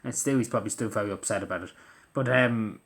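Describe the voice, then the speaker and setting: A man's voice: on the low side, quick pace, fairly bright tone. A man, ranting angrily in a monologue, swearing often and stumbling over restarts. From Ireland. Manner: angry, swearing, stammering restarts. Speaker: commentator.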